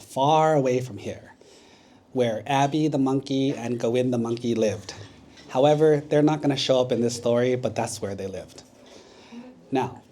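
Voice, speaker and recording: A Buddhist monk telling a story to children, in a dark, mellow voice. He narrates casually and conversationally, as if chatting with the kids. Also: mid-range voice.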